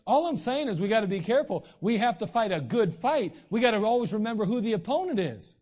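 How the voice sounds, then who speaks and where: A man preaching a sermon as pastor, in a conversational way with frequent throat clearing. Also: high-pitched, sing-song, quick pace, a little mellow. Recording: dull lo-fi recording.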